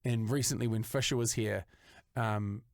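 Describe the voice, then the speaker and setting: A man's voice: fairly low pitch, moderate pace, gravelly, no echo, studio quality. A man in his thirties with a New Zealand accent, telling a story on a podcast in casual chat and swearing freely. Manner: animated, acts out voices in stories, swears freely. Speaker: podcast co-host.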